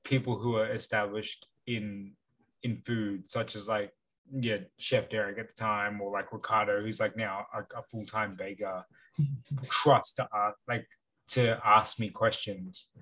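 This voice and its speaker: A man's voice: on the low side, flat delivery, a little slow, pushed and bright, poor audio. Aussie guy on a podcast, rambly, says like every other word, swears a bit. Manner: rambling, heavy use of "like" fillers, occasional swearing. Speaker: podcast co-host. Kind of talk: casual chat.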